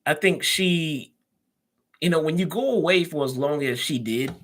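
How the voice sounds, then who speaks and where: A man's voice: a little high, moderate pace. A man with a Chicago accent hosting a casual live stream, chatting loosely and answering viewer comments as he goes.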